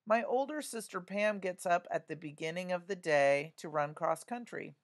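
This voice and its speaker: A woman's voice: on the low side, moderate pace. A woman teaching a spelling lesson, patiently spelling words out letter by letter and talking through each answer aloud.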